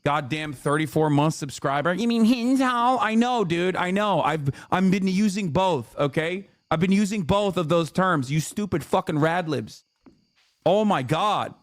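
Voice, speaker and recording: A man with a notably high voice delivers a furious, sarcastic political rant on his livestream, swearing freely and snapping at viewers in chat. He speaks into a close desk mic in a dry, dead room at home. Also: unhurried, no echo. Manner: angry, profane, sarcastic; talks back to chat.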